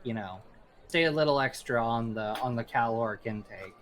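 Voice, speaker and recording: A man's voice: mid-range voice, normal speed, a bit bright. A man playing in a tabletop game, chatting casually and swearing with friends. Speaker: player. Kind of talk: casual tabletop play, joking.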